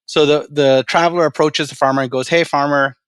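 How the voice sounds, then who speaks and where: Relaxed halting male podcast guest. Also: a little high, no echo. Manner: halting, repeats words, relaxed storyteller. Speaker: podcast guest, storage company president. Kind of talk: casual interview talk and storytelling.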